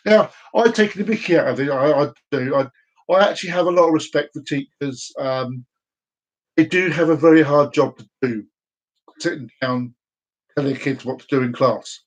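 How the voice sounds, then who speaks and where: A vlogger with a slightly high voice delivers a rambling, teasing monologue for his video channel at a normal speed. He's chatty and frequently restarts his sentences. The recording quality is low.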